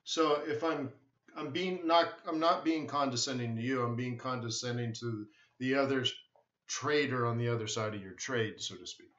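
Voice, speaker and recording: A man's voice: mid-range voice, moderate pace, fairly bright tone. A man hosting a live trading stream, answering viewers bluntly and often repeating himself. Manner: blunt, repeats words, emphatic. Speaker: forex trading webinar host. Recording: echoey room, dull lo-fi sound.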